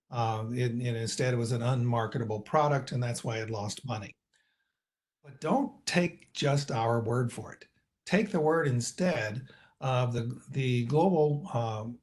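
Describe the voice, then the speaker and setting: Halting middle-aged man pitching investors. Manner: halting, many fillers and restarts; persuasive sales pitch. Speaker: company presenter. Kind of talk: investor presentation, answering questions.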